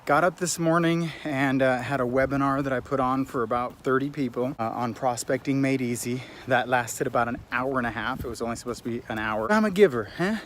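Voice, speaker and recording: A man, a real estate agent, vlogging casually in an excited, self-promoting, storytelling way while out on residential streets. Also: medium pitch, a little fast, few pauses, a little hiss or hum. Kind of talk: casual vlog to camera.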